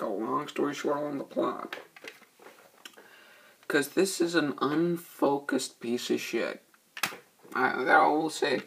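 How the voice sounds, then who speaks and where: A man's voice: a little high, creaky, fairly bright tone, slight background noise. A man giving a rambling, profane, laid-back spoken movie review. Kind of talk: casual spoken film review.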